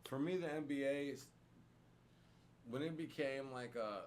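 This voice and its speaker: A man's voice: medium pitch, a little slow, darkish tone, slight background noise. A man co-hosting a casual podcast chat, rambling with lots of fillers and restarts. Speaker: podcast co-host. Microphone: studio microphone.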